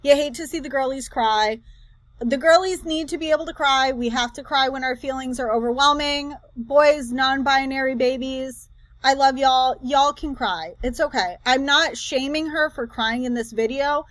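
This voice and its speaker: A woman hosting a casual reaction commentary, chatty and rambling with animated asides. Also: high-pitched, moderate pace, no room sound. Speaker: reseller commentary host.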